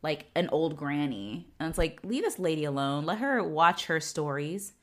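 A woman co-hosting a podcast, recapping episodes in casual chat, animated and laughing often. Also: sits low, normal speed. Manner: animated, laughs often, acts out characters' lines. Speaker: podcast co-host.

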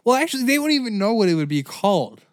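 A man's voice: high-pitched, very animated, fast talker, no echo. Profane, ranting man on a dry mic. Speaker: podcast host. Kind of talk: comedic history podcast rant.

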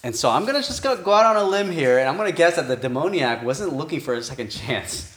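Pastor thinking aloud in an echoey room. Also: male voice, a little high, lively intonation, fast, fairly bright tone. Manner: thinks aloud, asking rhetorical questions and checking in with "okay?". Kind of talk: conversational expository sermon.

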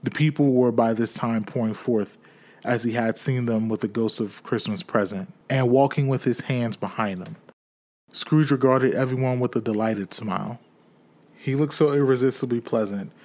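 A man reading a classic novel aloud in a steady, measured storytelling way. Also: mid-range voice. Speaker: audiobook reader.

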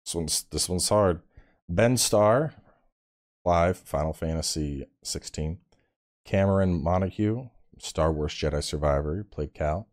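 Male podcast co-host, very deep voice, laid-back and profane. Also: unhurried, a little mellow. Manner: laid-back, swears freely, laughs at his own stories. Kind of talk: casual chat.

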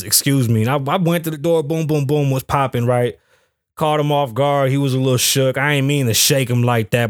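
A man's voice: mid-range voice, no echo, clean studio sound. A middle-aged man hosting a podcast, telling a story in a brash, profane, boastful way and slipping into voices of the people in it. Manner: profane, boastful, mimics others mid-story. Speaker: podcast host. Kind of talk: animated storytelling rant.

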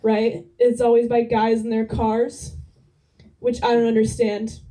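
Young woman, stand-up comic, deadpan, slightly high voice, mellow tone. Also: unhurried, distant mic, poor audio. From New Jersey. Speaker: stand-up comedian. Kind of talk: stand-up set. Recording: live club crowd laughter.

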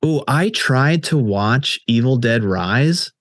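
A man in a casual podcast chat, ranting heatedly and swearing freely. His voice sits at an ordinary middle pitch. It is close-miked and dry, with no room sound. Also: expressive, takes it slowly, no echo. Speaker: podcast co-host.

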